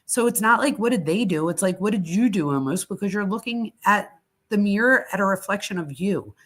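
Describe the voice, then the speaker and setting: A woman's voice: medium pitch, animated, brisk, a bit bright. A middle-aged woman hosting a live psychology talk stream, speaking candidly and chattily with casual swearing. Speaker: host.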